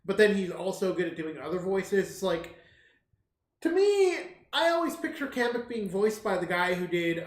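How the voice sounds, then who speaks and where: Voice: medium pitch, animated, normal speed, a little mellow. A stream co-host chatting casually about a movie, rambling with many fillers. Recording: echoey room.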